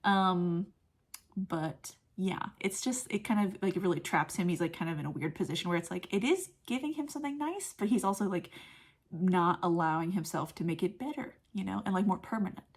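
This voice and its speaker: A woman's voice: fairly low pitch, fairly quick, breathy edge. A young woman giving a casual film review. She talks in a chatty way full of fillers and often drops into a whisper.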